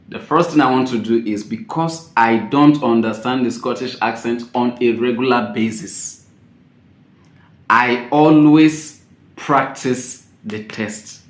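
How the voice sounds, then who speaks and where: A man giving a spoken tips lesson as an exam-prep teacher, repeating his key points and stressing words with sudden loud jumps. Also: mid-range voice. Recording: roomy echo.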